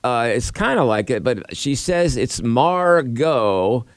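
A man's voice: mid-range voice, sing-song, moderate pace. A man hosting a casual radio show, reading items from a list with a playful, assured manner.

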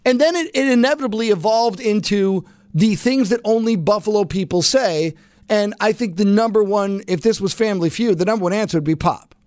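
A man's voice: high voice, a little fast, a little mellow, dry recording. A man hosting a casual call-in radio talk show, full of asides and rhetorical questions.

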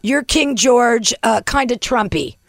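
A woman's voice: on the high side, expressive, unhurried, gravelly, no echo, clean studio sound. A woman hosting a podcast interview, eagerly prompting her guest with questions and laughing along. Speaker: podcast host. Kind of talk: casual interview.

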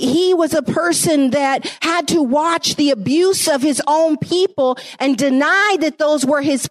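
A woman with a fairly high voice preaches a radio sermon. She retells scripture with emphatic rises in pitch and asks her listeners direct rhetorical questions.

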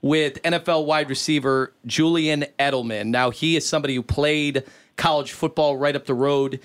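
A man's voice: fairly high pitch, fairly even intonation, normal speed, clean tone. A man co-hosting a radio podcast, chatty and steering the talk with questions. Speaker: podcast co-host. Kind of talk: casual radio podcast chat.

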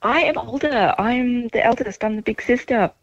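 A woman with a gushing, laughing manner, chatting excitedly on the radio as the older sister of a contestant. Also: a little high, normal speed, no room sound, muffled recording.

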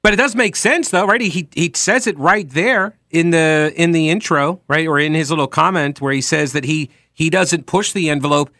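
A man hosting a call-in talk radio show, talking in an animated, emphatic way with frequent restarts. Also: on the high side, normal speed, hardly any pauses, no echo, clean studio sound. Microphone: studio microphone.

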